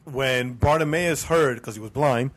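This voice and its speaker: A man's voice: medium pitch, unhurried. Give me a male co-host of a faith podcast. He has a middle-range voice and keeps dropping "right?" into his sentences. He circles and repeats himself as he reflects aloud. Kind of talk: casual faith discussion.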